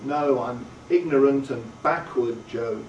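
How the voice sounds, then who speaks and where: A man voicing an ashamed young boy who talks quietly and hesitantly. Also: mid-range voice, slow, dull audio, a little hiss or hum, close to an everyday voice. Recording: roomy, distant, faint ambience.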